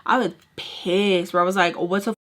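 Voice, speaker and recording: A woman's voice: lowish voice, moderate pace. A young woman in casual storytime chat, rambling and dramatic, full of "like" and "y'all". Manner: rambling, heavy use of "like" and "y'all"; animated, dramatic retelling.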